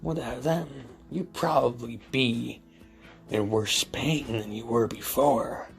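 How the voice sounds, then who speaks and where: A man voicing a cruel, mocking young male villain in a low, hissing half-whisper. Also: slow, creaky, soft background music. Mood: menacing.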